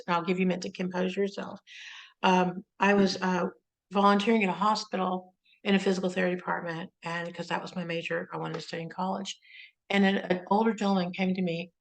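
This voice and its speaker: A woman hosting an interview, speaking gently and consolingly to her guest. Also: lowish voice, gravelly, low-quality recording. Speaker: interview host. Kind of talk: interview conversation.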